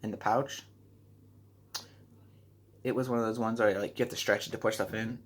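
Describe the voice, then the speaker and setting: A man's voice: steady tone, normal speed. A teenage boy from the United States telling a travel story in a casual vlog. He rambles, fills his talk with "like" and pokes fun at himself. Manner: rambling, self-deprecating, heavy use of "like"; acts out his own reactions in a higher voice. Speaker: vlogger.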